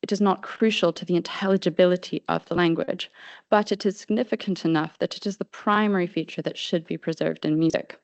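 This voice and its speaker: A woman presenting a prepared academic paper in a steady, formal reading voice. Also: fairly low pitch, brisk, no echo. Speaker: conference speaker. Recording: dull dry lo-fi audio.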